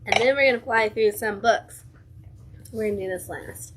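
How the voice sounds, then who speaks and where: A woman's voice: mid-range voice, normal speed, a bit bright. A young woman hosts a casual livestream from a comic shop, reviewing new releases. She talks in a chatty, gushing way, full of ums and likes. A faint background hum sits under her voice. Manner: enthusiastic, gushing, chatty with many fillers.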